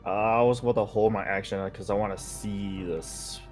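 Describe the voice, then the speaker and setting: Male player, lowish voice, casual and halting. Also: steady tone, a little mellow, soft background music. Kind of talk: casual chat during a tabletop game.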